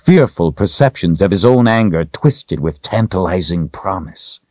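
A man with a very deep voice reads a fantasy novel aloud, his delivery lively and dramatic, rising and falling freely. The sound is dry and close, a little dull and muffled. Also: moderate pace, dry recording. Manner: dramatic, expressive storytelling. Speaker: audiobook narrator. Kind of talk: scripted fantasy narration.

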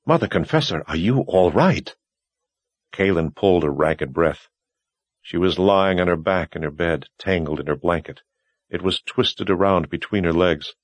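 Deep-voiced male audiobook narrator. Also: fairly even intonation, normal speed, no echo. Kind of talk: scripted narration.

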